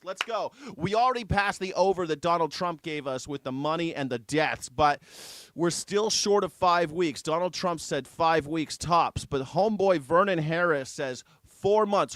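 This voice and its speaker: A man's voice: on the high side, moderate pace, few pauses, a bit bright, dry recording. A man hosting a live news reaction show, sarcastic, jokey and profane in casual commentary.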